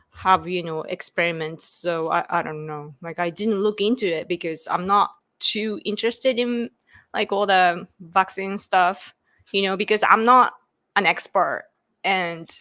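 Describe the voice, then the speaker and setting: A woman's voice: medium pitch, a bit bright. A Japanese woman with a Japanese accent, speaking English as a second language, hosts a casual live stream and chats in a rambling way with lots of "like" and "you know". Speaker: livestream host.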